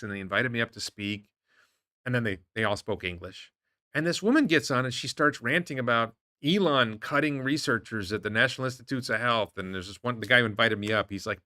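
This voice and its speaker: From his home in Thailand, a man hosts an investing livestream, answering chat with opinionated, rambling commentary and firing off incredulous rhetorical questions. His mid-range voice is bright and forceful, recorded with clean studio sound and no echo.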